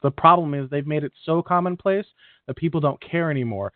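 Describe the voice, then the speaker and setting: A man's voice: on the high side, a little fast, no echo. Man co-hosting a podcast over a tinny line. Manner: chatty, rambling sign-off with fillers. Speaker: podcast co-host. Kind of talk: casual podcast chat.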